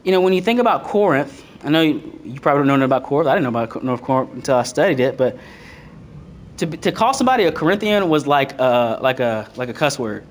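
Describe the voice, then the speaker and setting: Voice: medium pitch, sing-song, fast talker, a little hiss or hum. A preacher giving a casual, conversational sermon. Reads scripture aloud, then retells it in slang, with frequent "like", restarts and laughter. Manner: loose and chatty, heavy use of "like", repeats phrases; laughs often between points.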